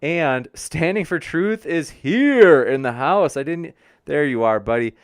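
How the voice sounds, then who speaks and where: A man's voice: fairly high pitch, lively intonation, a little slow, no room sound, studio quality. A man hosting a debate livestream, reading and answering viewer chat in a friendly, upbeat way and stumbling over viewer names. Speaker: debate show host reading live chat.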